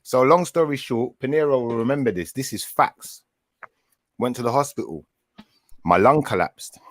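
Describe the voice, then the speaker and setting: A man chatting casually, telling a long personal story with lively acted-out quotes. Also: mid-range voice, normal speed, dry recording. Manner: animated storyteller, acts out his own quoted words. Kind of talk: casual chat.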